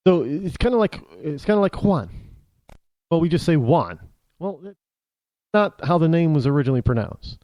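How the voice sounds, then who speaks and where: American male talk radio host, lively delivery, mellow tone, rambling opinionated monologue, dry studio sound. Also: a little high, normal speed, pauses often, dry recording. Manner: rambling, with many restarts and asides. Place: New England.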